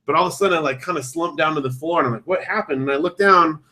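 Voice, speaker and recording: Bright-voiced man telling a story. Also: rapid-fire. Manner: animated, acts out quotes in a high voice; self-mocking. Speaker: podcast host. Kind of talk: casual storytelling chat.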